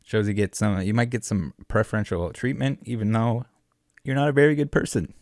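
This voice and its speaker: A man's voice: lowish voice, fairly quick, darkish tone, dry recording, clean studio sound. A man hosting a collectibles commentary vlog, rambling and sarcastic with many filler words. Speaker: collectibles channel host.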